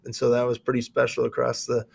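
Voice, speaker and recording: A man's voice: mid-range voice, completely flat delivery, quick pace, gravelly, slightly rough, no echo. A middle-aged man with an Upper Midwest American accent, a county sheriff co-hosting a casual talk show, talking in upbeat, rambling bursts that often restart mid-sentence. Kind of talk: casual chat.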